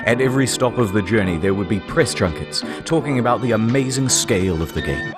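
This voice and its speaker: A man with a very deep voice narrating a comedy piece with wry, matter-of-fact delivery. Clear music runs behind him. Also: expressive, a little fast.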